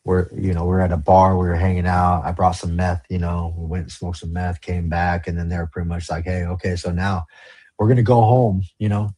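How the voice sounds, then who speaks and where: A man's voice: low voice, level tone, fairly quick, few pauses, a little mellow, no echo. A man from the Los Angeles area, a podcast guest telling his story in casual, slang-heavy, profane talk. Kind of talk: storytelling interview.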